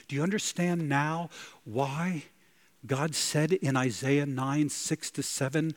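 A male pastor preaching a sermon, dramatic, breaking into gasps and soaring on emphatic lines. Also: mid-range voice.

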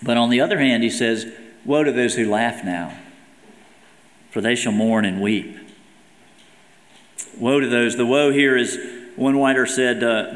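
Man preaching in an echoey hall. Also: mid-range voice. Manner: earnest preaching, reads scripture quotes aloud with emphasis. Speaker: pastor. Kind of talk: sermon. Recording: echoey hall with long reverb.

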